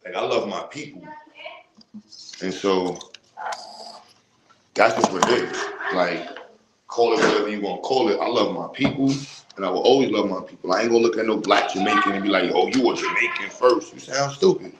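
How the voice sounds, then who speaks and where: A man's voice: lowish voice, fairly quick, pauses often. Fired-up New man on a livestream. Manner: blunt street slang, rambling and heated. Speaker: livestream host. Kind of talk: casual livestream rant. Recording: roomy, with loud background noise.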